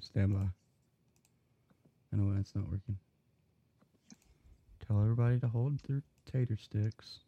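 A man's voice: on the low side, a little slow, long pauses, dull audio. A man hosting a live podcast, chatting casually, swearing and joking as he rambles. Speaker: podcast host. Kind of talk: casual live-stream banter.

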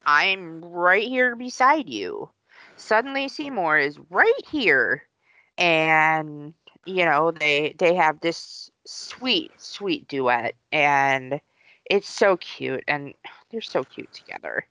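A woman's voice: low voice, lively intonation, slow pace, pushed and bright, no echo. A woman co-hosting a podcast, casually retelling a movie plot with rambling asides and many fillers. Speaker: podcast co-host. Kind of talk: casual film recap.

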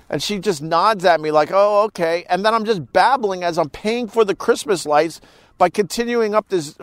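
A man's voice: sits high, no room sound. Profane, rambling male live-streamer. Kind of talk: casual live-stream chat and storytelling.

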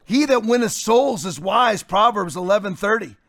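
A middle-aged pastor with a high voice preaches in a forceful, fiery way. He quotes scripture rapidly and pushes his points up into shouts. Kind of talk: fiery preaching on a talk show.

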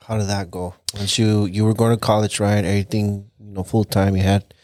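A woman's voice: very deep voice, little pitch movement, brisk, a little mellow, no echo, clean studio sound. A woman interviewing a guest with short, prompting questions.

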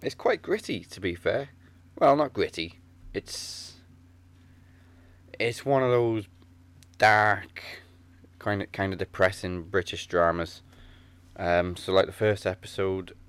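Very low-voiced man chatting casually. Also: fairly bright tone. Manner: chatty storyteller who acts out quotes, laughs often. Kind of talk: casual chat.

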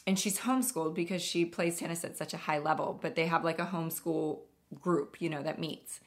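A woman's voice: low voice, fairly quick. A woman podcast host telling stories in an earnest, emphatic, conversational way. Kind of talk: casual storytelling monologue.

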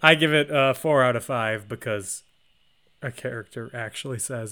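A man co-hosting a podcast in casual movie chat, with dry, deadpan humor. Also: medium pitch, normal speed. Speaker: podcast co-host.

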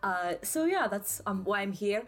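A woman's voice: mid-range voice, expressive, normal speed, lightly acted. A woman voicing a kind, round elderly man in his late seventies in a tabletop game, who rambles and hesitates with many ums and uhs. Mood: fond. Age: late 70s figure.

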